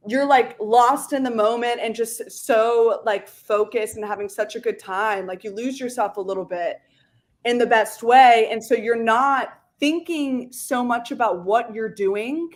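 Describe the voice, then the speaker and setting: A woman singer talking as a guest in a casual interview, chatty and animated, with many "like" fillers. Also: on the high side, unhurried.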